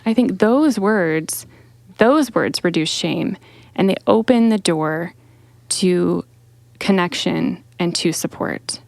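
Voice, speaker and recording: A woman co-hosting a podcast and speaking as a clinician, explaining calmly and steadily with frequent "you know" fillers. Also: on the low side, takes it slowly, gravelly, no room sound. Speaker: podcast co-host and mental health clinician. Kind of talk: casual faith-based discussion.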